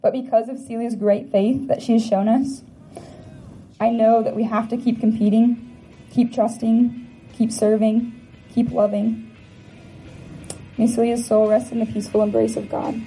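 A woman's voice: a little high, flat delivery, measured pace, pauses often, mellow, soft background music, low-quality recording. A woman giving a prepared memorial tribute, earnest and rhythmic, repeating phrases. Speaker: memorial speaker, friend.

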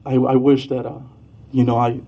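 A man giving a halting, heartfelt memorial speech at a vigil, with many fillers and restarts. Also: medium pitch, level tone, mellow. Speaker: vigil speaker.

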